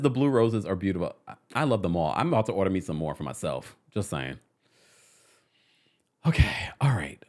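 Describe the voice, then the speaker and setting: A young adult man hosting a casual reality TV recap show, sassy and chatty as he reads viewer comments and gives his takes. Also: fairly high pitch. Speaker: host.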